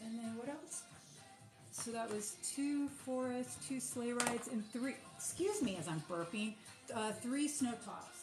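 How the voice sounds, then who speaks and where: A woman's voice: on the high side, unhurried. A woman who runs a small soap business, chatting casually and rambling with many fillers while packing orders on a livestream. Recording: roomy sound with music behind.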